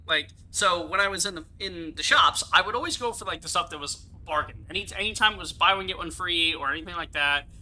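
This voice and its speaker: A man's voice: a little high, pushed and bright. A man chatting casually on a livestream, rambling and swearing a lot while enthusing about collectibles. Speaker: streamer.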